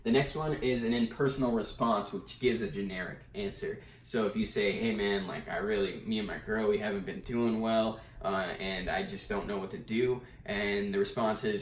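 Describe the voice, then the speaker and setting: A man's voice: lowish voice, normal speed, few pauses. A man giving a casual summary lecture of a textbook chapter, with fillers and restarts. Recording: echoey room, mic at a distance.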